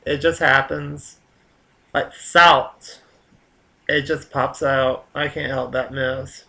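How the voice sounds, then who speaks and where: A man's voice: medium pitch, little pitch movement, a little slow, creaky, bright, forceful tone. A man with a Southern US accent, rambling casually in a vlog monologue, chatty and full of fillers and restarts. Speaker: vlogger.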